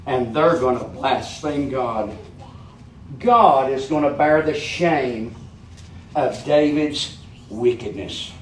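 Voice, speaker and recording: A man preaching a sermon with fervor, asking his listeners question after question and swinging from loud, high peaks down to low, quiet asides. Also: slight background noise. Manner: fervent, rises to high shouting peaks then drops low; asks the congregation rhetorical questions.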